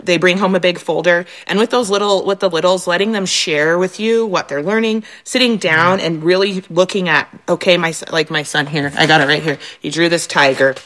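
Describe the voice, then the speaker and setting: Woman in her thirties, mother on a podcast, lively storyteller, does her kids' voices, mid-pitched. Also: brisk, hardly any pauses. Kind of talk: casual chat.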